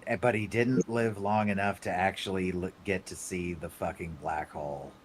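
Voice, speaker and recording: A man chatting on a reaction stream, telling stories with deadpan jokes. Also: low-pitched, moderate pace, slight background noise. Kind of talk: casual banter.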